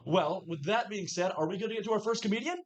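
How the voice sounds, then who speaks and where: A man's voice: sits high, quick pace, low-quality recording. A man hosting a live comedy show, introducing acts while fumbling with his notes. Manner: fumbling with notes, then building to a shouted introduction. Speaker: host. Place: small lounge stage.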